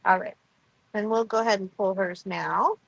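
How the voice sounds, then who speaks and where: A woman's voice: medium pitch, steady tone, moderate pace, creaky, dry recording, lo-fi sound. A woman co-hosting a live craft sale, checking buyers' picks aloud in a friendly, casual way. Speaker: sale co-host.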